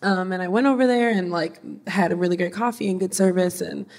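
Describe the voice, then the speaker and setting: A woman's voice: on the low side, fairly quick. A woman on a live panel telling a casual, chatty story about her early work. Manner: relaxed, chatty, with fillers.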